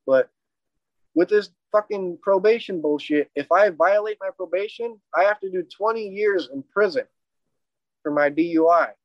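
A man with a notably high speaking voice recounts a personal mishap in loose, profanity-laced storytelling. His delivery rambles and stays animated. The recording is dry and close, with a dull, lo-fi tone. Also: normal speed, no echo.

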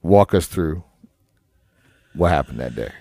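A man with a low, deep voice co-hosts a podcast, talking in a loose, rambling way full of fillers and a touch of vocal fry. He sounds close and dry on a studio microphone. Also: lively intonation, measured pace, warm tone, dry recording. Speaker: podcast co-host. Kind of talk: casual podcast chat.

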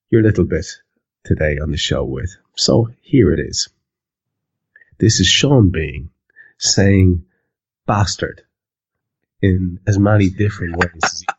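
A man's voice: deep voice, slightly rough. A man hosting a football podcast in a rambling, casual way with plenty of hesitations. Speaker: podcast host. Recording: dull lo-fi recording.

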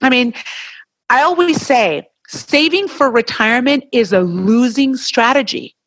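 A woman hosts her podcast alone in a casual, chatty style. Her fairly high voice rises and falls a great deal as she talks. The sound is dry and close, with no room echo. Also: unhurried. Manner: animated, chatty, gets heated and laughs at points. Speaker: podcast co-host. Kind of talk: casual solo podcast talk.

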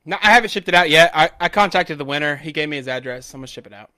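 A man from Florida with a Southern accent, co-hosting a casual podcast and telling stories with lively quoted back-and-forth. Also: a little high, very fast, no room sound, clean studio sound. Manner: animated storyteller, acts out quoted dialogue. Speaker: podcast co-host. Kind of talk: casual chat.

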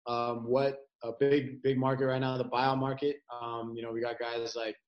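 A man's voice: medium pitch, little pitch movement, normal speed, highs cut off. A man hosting a casual sports podcast, loose and profane, full of fillers. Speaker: podcast host.

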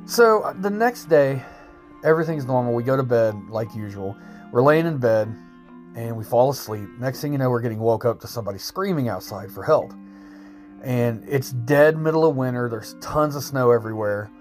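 A man telling a true spooky story in casual, rambling speech, often clearing his throat and repeating himself. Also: medium pitch, fairly quick, darkish tone, faint music behind.

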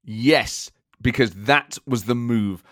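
A man's voice: mid-range voice, takes it slowly, fairly bright tone, dry recording, clean studio sound. A man co-hosting a casual chat, boastful and playful, breaking now and then into bits of song. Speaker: podcast co-host. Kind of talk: casual chat about fantasy football.

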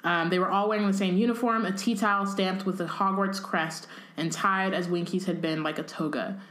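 A woman's voice: on the low side, steady tone, a little fast, fairly bright tone. A woman co-hosting a casual podcast, reading a book aloud and breaking off for chatty asides full of filler words. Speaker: podcast co-host. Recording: roomy echo.

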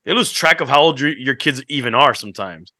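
A man co-hosting a podcast, telling animated stories that act out what others said, swearing freely as he chats. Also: mid-range voice, fairly quick, dry recording, studio quality. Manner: animated storyteller, acts out quotes, swears freely. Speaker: podcast co-host. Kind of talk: casual chat.

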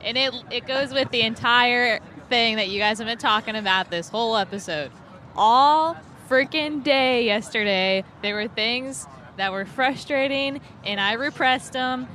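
A woman's voice: a little high, moderate pace, bright, forceful tone. A woman co-hosting a podcast, frankly building up a story about her frustrating day. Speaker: podcast co-host. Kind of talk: casual chat.

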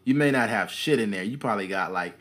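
A young man co-hosting a podcast talks in a low-ish voice at a quick clip. He chats casually and tells stories with real animation, acting out the quotes and people in them.

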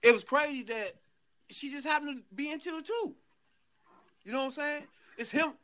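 A man telling a story in casual chat, animated and laughing, full of slang. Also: very high voice, moderate pace.

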